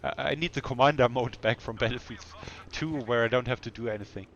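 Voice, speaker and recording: A man's voice: medium pitch, brisk, fairly bright tone, highs cut off, a little hiss or hum. A man giving casual, self-mocking commentary while playing a video game. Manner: chatty and self-mocking, often laughing to himself. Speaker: gameplay commentator. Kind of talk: casual let's-play commentary.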